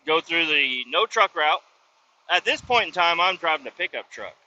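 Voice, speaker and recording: A man casually telling a rambling work story from inside his truck, profane and animated, acting out the people he quotes. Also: fairly high pitch, normal speed, muffled recording. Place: inside a pickup truck with windows down.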